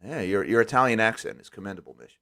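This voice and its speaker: A man's voice: lowish voice, expressive, fast talker, a bit bright. A man hosting a casual live stream, talking candidly and with emphasis, often restarting his words. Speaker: host.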